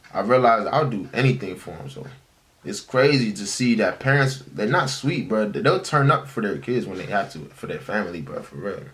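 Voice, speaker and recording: A man's voice: on the low side, fairly bright tone. A young man in his twenties telling casual stories to the camera in a laid-back, slangy way. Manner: laid-back, slangy, addresses listener as bruh. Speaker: storyteller. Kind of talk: casual storytelling vlog.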